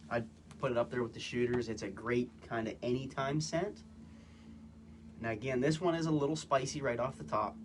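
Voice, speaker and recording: Casting: mid-pitched man, relaxed, hesitant reviewer on a phone stream, faint hiss. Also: a little fast. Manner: relaxed, hesitant, lots of "um" and "again". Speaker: guest co-presenter, husband. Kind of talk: casual product review. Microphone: phone, live stream.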